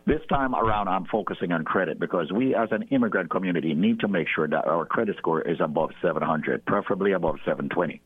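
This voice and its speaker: A man gives firm, preachy advice on air and drives home his points by repeating them. His voice is husky, and it comes through a thin, phone-like line. The sound is dry and close. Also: deep voice, quick pace, few pauses, dry recording. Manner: emphatic, preachy, repeats key lines. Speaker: company owner pitching on radio. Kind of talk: persuasive radio talk.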